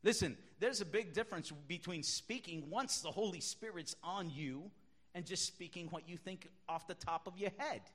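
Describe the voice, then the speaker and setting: Male pastor, sermon delivery, high bright voice, emphatic with loud outbursts. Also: moderate pace. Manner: emphatic preaching, swings from quiet to shouting.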